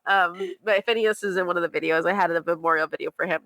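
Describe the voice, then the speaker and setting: Chatting casually as a podcast co-host, a young woman animatedly tells a story at a fast clip. She laughs a lot and performs the quoted lines in high-pitched voices.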